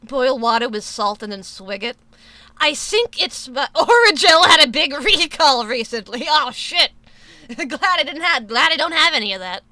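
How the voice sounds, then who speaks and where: Casting: woman streamer, high bright voice, dry close sound, profane rambling chat. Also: lively intonation, normal speed, no room sound. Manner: profane, rambling, many restarts. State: sore tooth. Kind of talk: casual live-stream chat.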